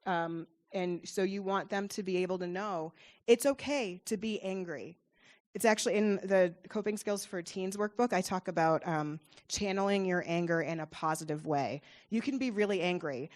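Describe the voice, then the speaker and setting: A woman's voice: fairly low pitch, normal speed. A woman child therapist giving an informal, encouraging talk to parents, chatty and full of fillers. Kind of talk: informal presentation.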